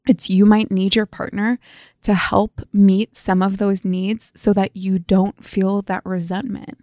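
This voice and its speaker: A woman's voice: mid-range voice, dark tone, dry recording, clean studio sound. A woman co-hosting a podcast in casual chat, retelling stories with quoted dialogue. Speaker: podcast co-host.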